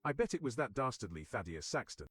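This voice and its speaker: A man's synthetic voice playing a stern older businessman who talks in an indignant, brisk way. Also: mid-range voice, big pitch swings, fairly bright tone, slightly rough.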